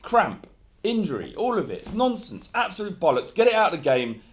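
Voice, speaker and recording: A man's voice: sits high, sing-song, fairly quick. A man co-hosting a football podcast, ranting heatedly in casual chat and swearing freely. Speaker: podcast co-host.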